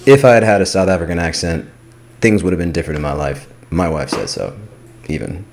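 Texan podcast host, really deep voice that bounces all over, keeps asking his buddy stuff. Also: lively intonation, a little fast, vocal fry, darkish tone, slight background noise. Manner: eager questioner, calls his guest dude. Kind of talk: casual chat.

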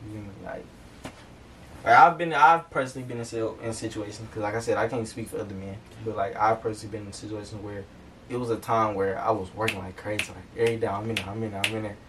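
A man's voice: lowish voice, fairly even intonation, quick pace, fairly bright tone. A man co-hosting a podcast in casual chat, laid-back, often asking "you feel me". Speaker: podcast co-host. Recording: distant mic with clear background noise.

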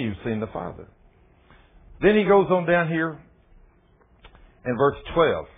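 A man preaching a sermon, telling stories dramatically and swinging from loud exclamations to hushed, low lines. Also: slightly rough. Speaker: pastor. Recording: tinny phone-like sound.

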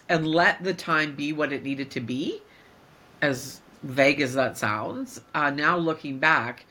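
A woman's voice: low-pitched, sharp tone. A woman co-hosting a podcast, talking in a reflective, earnest way in casual conversation. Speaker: podcast co-host.

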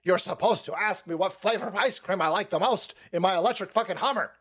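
A man's voice: sits high, quick pace, a bit bright, breathy edge, exaggerated voice. A man doing a mocking impression of an elderly male president. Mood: grumbling.

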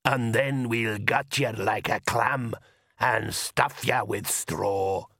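A man's voice: lowish voice, steady tone, takes it slowly, creaky, bright, forceful tone, breathy edge, no room sound, clean studio sound, heavily acted. A man doing a leering brute of a corporal. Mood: sly menace. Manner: sly, threatening. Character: leering brutish male soldier corporal.

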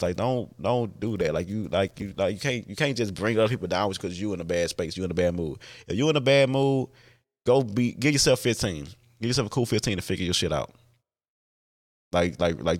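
A man hosting a podcast, talking alone in a casual, candid way, with many fillers and restarts and casual swearing. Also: low voice. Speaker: podcast host.

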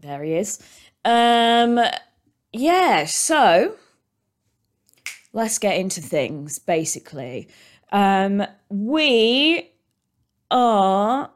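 A woman's voice: medium pitch, very animated, very slow, long pauses. A British woman hosting a solo podcast, chatting casually in a rambling way, full of ums and likes, into a desk microphone. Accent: British English. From Britain. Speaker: podcast host.

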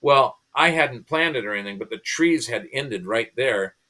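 As a podcast guest, a man who is both pastor and comedian tells the story of his own conversion, earnest and emotional in an animated retelling. He speaks at medium pitch and a moderate pace.

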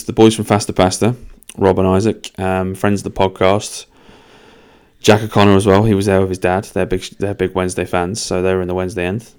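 Hosting his own podcast, a young man talks in a fairly low, smooth voice with a darkish tone. The monologue is casual and rambling, peppered with swearing and self-mocking jokes.

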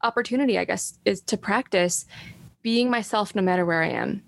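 A woman from New York, a self-love coach, telling a personal story as an interview guest, animated and often laughing. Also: medium pitch, a little fast, creaky. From New York, USA.

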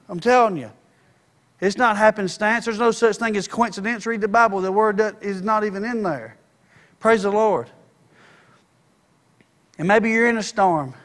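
An adult male pastor preaches a passionate sermon in a high-pitched voice. His fervent delivery swings between conversational asides and rising exhortation that builds to shouts.

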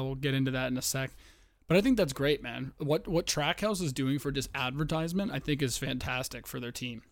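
A young man rambles through his solo podcast in a small room, swearing freely and breaking off to react to a game on TV. He sounds a little out of breath, and his voice sits at an ordinary middle pitch. The recording is dry and close, with almost no room sound. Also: dry recording. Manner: rambling, profane, excitable, distracted by a game on TV. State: out of breath and sweating. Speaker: podcast host. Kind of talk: casual solo podcast chat.

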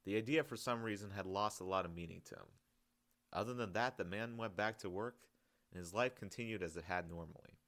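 A man reading his own novel aloud in a calm, measured audiobook narration. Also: lowish voice.

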